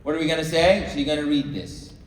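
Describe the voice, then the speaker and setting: A man's voice: on the high side, quick pace, slight background noise. Man coaching a crowd in an echoey hall. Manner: coaching, checks in with the audience often. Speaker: sales trainer. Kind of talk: live training talk to a room. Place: large room with an audience. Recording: echoey hall, mic far off.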